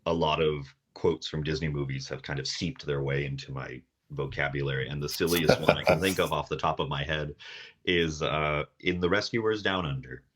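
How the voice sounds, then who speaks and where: Very deep husky man chatting. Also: normal speed, hardly any pauses, fairly bright tone. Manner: rambling, with many fillers and laughs. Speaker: podcast guest. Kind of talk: casual chat. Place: home, talking from the kitchen. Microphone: table mic on a video call.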